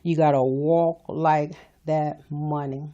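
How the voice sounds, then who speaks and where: A middle-aged woman from California hosts a motivational podcast, speaking emphatically and preachily and repeating her points. Her low, warm voice is flat in delivery and unhurried, with the highs cut off.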